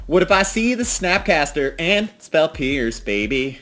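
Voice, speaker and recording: A man comments casually on his card game in a sing-song, slightly bright, higher voice, unhurried and with few pauses. He pokes fun at himself, sinking into mutters and leaping into outbursts over faint background music.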